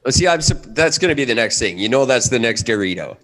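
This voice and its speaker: A Canadian man co-hosting a podcast, making wry, deadpan jokes in casual chat. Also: mid-range voice, quick pace, low-quality recording. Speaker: podcast co-host.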